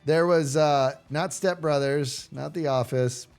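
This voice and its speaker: A man streaming a video game live, chatting casually with viewers and yelling playfully at the enemies on screen. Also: on the high side, measured pace, clear, resonant tone, faint music behind. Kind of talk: casual live gameplay commentary.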